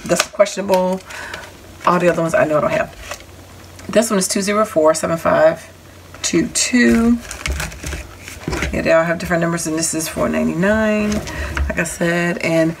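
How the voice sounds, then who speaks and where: A woman casually showing and explaining craft dies in a home vlog, chatty, with apologetic asides. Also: fairly low pitch. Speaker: crafting vlogger showing a haul. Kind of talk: casual show-and-tell. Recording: audible background noise.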